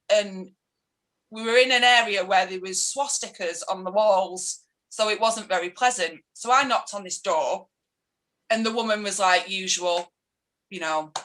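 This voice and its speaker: A woman's voice: medium pitch, a bit bright, rough recording. A woman with a Mancunian accent, an activist guest talking politics with passion and mimicking people she criticises. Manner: passionate, ranting, quick to mimic others. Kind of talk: casual political interview.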